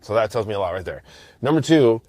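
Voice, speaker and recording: A middle-aged man talks through his podcast in a loose, slangy ramble full of restarts and fillers. His voice sits low, and the sound is dry and close with no room around it. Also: lively intonation, quick pace, darkish tone, no echo. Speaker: podcast host. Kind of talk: casual solo podcast talk.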